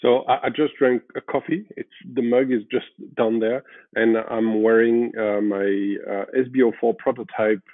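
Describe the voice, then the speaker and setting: A watchmaker speaks haltingly as a guest on a call. His voice is husky and the line is thin, phone-like and dry. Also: medium pitch, steady tone, dry recording. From France. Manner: hesitant, halting phrasing, soft laughs. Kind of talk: interview answers. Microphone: video call.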